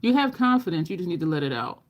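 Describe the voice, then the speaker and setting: A woman's voice: on the low side, sing-song, fast. A middle-aged woman hosting a makeup livestream, chatting casually with viewers as she works, laughing often and acting out people in her stories. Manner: chatty, reads and answers live chat, laughs often. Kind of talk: casual chat while doing makeup.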